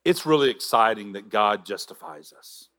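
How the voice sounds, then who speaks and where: A man preaching a sermon as pastor, earnest, with halting restarts and drops to a near whisper for emphasis. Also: lowish voice, expressive, a bit bright.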